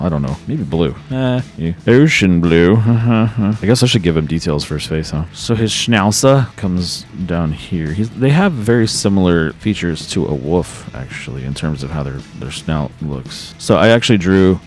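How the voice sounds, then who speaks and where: A man with a very deep, low voice rambles casually while he sketches, cracking jokes and teasing himself along the way. Faint music plays quietly underneath. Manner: joking, self-deprecating, rambling asides. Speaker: artist drawing on camera.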